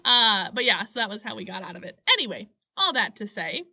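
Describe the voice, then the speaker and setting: A woman co-hosting a podcast in casual chat, joking with quick asides. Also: mid-range voice, very animated, bright, forceful tone. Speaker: podcast co-host. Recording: dry close-mic podcast audio.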